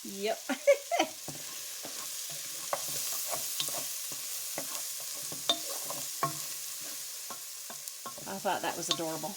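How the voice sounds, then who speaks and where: A woman's voice: mid-range voice, heavy background noise. A middle-aged woman hosting a home cooking video, chatty and folksy, joking about herself as she cooks in her kitchen. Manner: chatty, folksy, self-deprecating. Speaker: cooking channel host. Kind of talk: home cooking demonstration with jokes. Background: faint frying sizzle.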